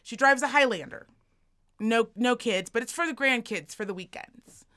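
A woman co-hosting a podcast, telling a comedic story in a sassy, profane, animated way. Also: a little high, moderate pace, clear, resonant tone. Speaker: podcast co-host.

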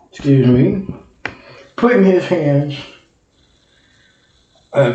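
Slow emphatic male preacher, echoey room. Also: mid-range voice, darkish tone, a little hiss or hum. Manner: emphatic, repeats and corrects himself while reading scripture. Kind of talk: sermon.

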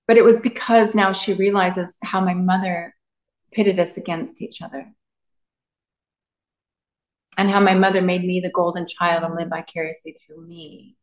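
A woman's voice: on the low side, steady tone, normal speed, long pauses, roomy sound, rough recording. A woman relationship coach, a podcast guest, telling personal stories in an open, heartfelt way. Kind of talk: candid interview talk.

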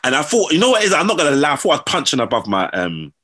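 A man with a slightly high voice races through casual stories, full of slang and animation, acting out the quotes as he goes.

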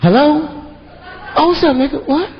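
A man voicing an excitable late-night limousine driver who yells into a cell phone. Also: very high voice, moderate pace, in a large hall, pitched above the performer's own voice. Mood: frantic yelling. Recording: muffled live stage recording with loud crowd.

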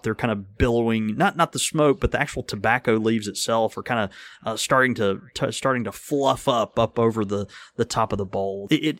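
Man, mid-pitched voice, dry close sound, halting and thoughtful. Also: no room sound. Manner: thoughtful, halting, restarts and fillers. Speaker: podcast co-host. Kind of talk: casual chat.

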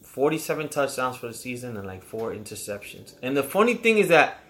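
A man's voice: mid-range voice, big pitch swings, a little fast. A young man from Puerto Rico co-hosting a podcast in casual chat, swearing freely and laughing often. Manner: profane, laid-back, laughs often. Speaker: podcast co-host.

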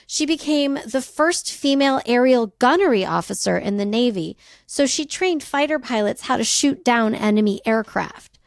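A woman co-hosting a podcast, telling a story in casual chat, animated and often laughing. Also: a little high, moderate pace, creaky, no echo, clean studio sound. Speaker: podcast co-host.

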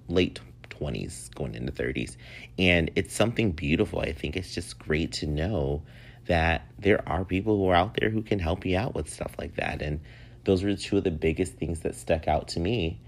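Chatty man with a very low voice. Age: 30s. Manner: chatty and rambling, laughs often. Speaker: podcast host. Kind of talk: casual solo podcast monologue.

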